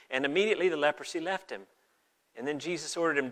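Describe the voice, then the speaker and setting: Pastor guy preaching, chatty and folksy, kinda bright high-ish voice. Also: quick pace. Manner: conversational, folksy, with restarts. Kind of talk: sermon with scripture reading.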